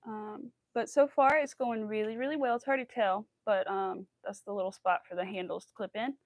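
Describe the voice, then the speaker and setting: A woman's voice: mid-range voice, fairly even intonation, fairly quick, no echo, rough recording. A woman hosting a crochet livestream, chatting casually and rambling while she works. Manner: chatty, bubbly, rambling with many likes and ums.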